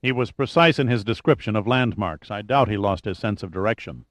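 A man reading an audiobook, voicing a calm, precise male adventurer close to his own voice. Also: on the low side, fairly quick, no room sound, close to an everyday voice.

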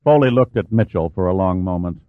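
Guy reading an audiobook, steady and dramatic, sounds like a phone line, dry. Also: low-pitched, fairly quick, no echo. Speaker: narrator. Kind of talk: scripted audiobook narration.

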